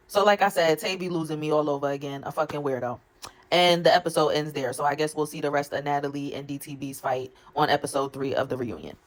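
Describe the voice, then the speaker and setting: A woman recapping a reality show episode in a blunt, gossipy, profane way. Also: deep voice. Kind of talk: casual recap vlog.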